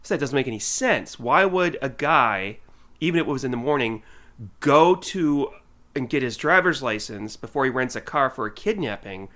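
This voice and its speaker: A man's voice: mid-range voice, lively intonation, moderate pace, sharp tone. Man co-hosting a chatty podcast. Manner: recaps scenes, acting out the dialogue. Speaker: podcast co-host. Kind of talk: casual chat.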